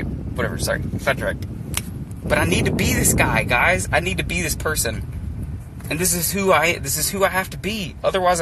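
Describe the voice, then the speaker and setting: A man speaking to his live viewers from a phone in an emotional, rambling monologue, earnest and repetitive, often saying "dude". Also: fairly high pitch. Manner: rambling, earnest, repeats himself, says dude. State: emotionally overwhelmed. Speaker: streamer talking to live viewers. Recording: clear background noise, vehicle sounds.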